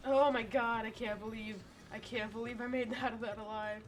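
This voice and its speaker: A woman's voice: on the high side, little pitch movement, a little fast, few pauses, dull audio. A woman streamer commentating her own gameplay live, talking to herself, swearing and venting in frustration. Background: faint game music.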